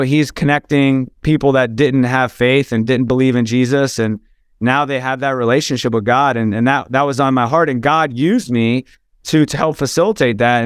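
A man's voice: mid-range voice, clean tone, no room sound, clean studio sound. A man telling an emotional personal story as a podcast guest, earnest, with frequent restarts.

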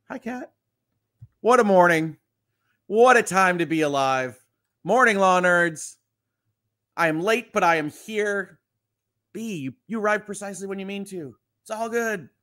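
A man's voice: fairly high pitch, a bit bright. A man from Michigan hosting a casual morning livestream, chatty and reading viewer comments aloud with quips. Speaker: livestream host.

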